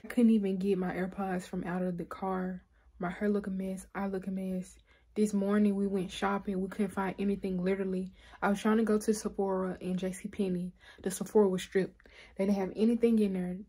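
A woman's voice: medium pitch, level tone, fairly quick, warm tone, breathy edge. A young woman in casual vlog chat, talking straight to her viewers in a chatty, filler-heavy way. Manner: chatty, addresses viewers directly, frequent fillers. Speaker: vlogger.

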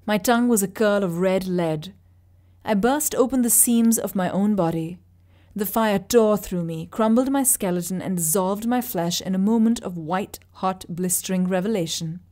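A woman narrating a short story aloud in a steady, vivid reading. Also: medium pitch, normal speed. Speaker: reader. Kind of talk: audiobook narration.

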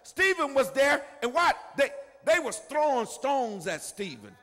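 An older man preaching a sermon, moving between quiet asides and shouted lines. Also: very high-pitched, very animated, a little slow. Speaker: pastor. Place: church sanctuary. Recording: long reverb of a large hall.

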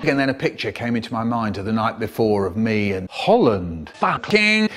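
Animated man telling a comic story. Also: mid-range voice, normal speed, hardly any pauses. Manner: animated, exaggerated expressive delivery.

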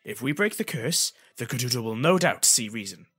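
A man voicing a grave, serious young woman warrior in an audiobook, speaking in a hushed, grim way. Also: mid-range voice, expressive, fairly quick, husky, no room sound, faint music behind.

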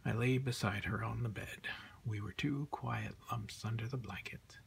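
A man in a Santa persona reading a children's picture book aloud, soft and often half-whispered. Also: lowish voice, moderate pace, vocal fry, slight background noise. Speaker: storyteller playing Santa.

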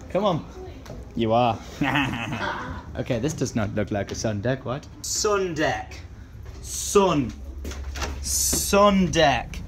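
A young man in his twenties vlogging a road trip, excitable and joking, with shouts now and then, filmed on a handheld camera. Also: a little high. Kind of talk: casual travel vlog. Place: outdoors and in a campervan on a road trip. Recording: noisy road and vehicle background.

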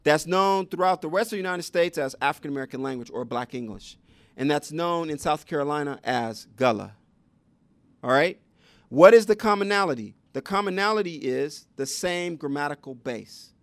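A man's voice: fairly high pitch, animated, moderate pace, no room sound. A man giving a public lecture on education, teaching conversationally and asking the audience rhetorical questions. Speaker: education speaker.

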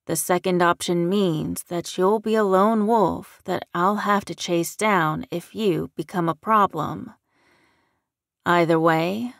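A woman's voice: on the low side, no echo, clean studio sound. A woman voicing a cool, commanding male captor. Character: confident middle-aged male shifter captor, commanding.

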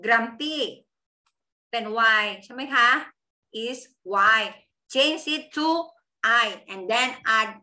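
A woman teacher, slowly spelling out words and often checking that her students understand. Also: high-pitched, pushed and bright. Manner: switches between English and Thai mid-sentence. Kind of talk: online grammar lesson.

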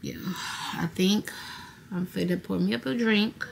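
A young woman vlogging in a relaxed, slangy, chatty way. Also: mid-range voice, a little slow, gravelly, slight background noise. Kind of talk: casual vlog chat.

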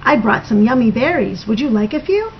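A woman's voice: a little high, lively intonation, a little fast, highs cut off, a little hiss or hum. A woman doing an easygoing storybook fox.

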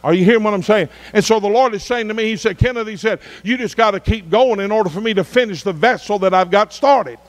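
High-voiced preacher. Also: male voice. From Arkansas. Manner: preacherly, drawn-out emphatic phrases. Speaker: pastor. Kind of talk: revival sermon.

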